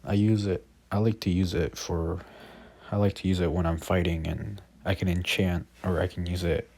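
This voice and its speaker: A man's voice: sits low, flat delivery, normal speed, vocal fry, darkish tone. A man voicing an eager, polite young male magic knight recruit, reading the lines plainly with some hesitation. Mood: earnest.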